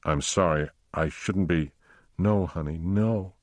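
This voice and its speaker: A man reading the part of a grieving young wife in an audiobook, speaking softly and tearfully. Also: low-pitched, takes it slowly, no room sound. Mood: tender.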